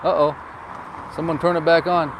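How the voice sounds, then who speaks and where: Wind and traffic noise surround this phone-camera clip of a real estate agent vlogger touring by car. Speaking at normal speed in a fairly high, level voice, he jokes, chats, and shares anecdotes as he drives.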